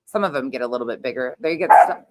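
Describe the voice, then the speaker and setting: A woman's voice: a bass voice, fast, very noisy. A middle-aged woman hosting a casual livestream chat, talking loosely, laughing often and swearing freely. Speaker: livestream host.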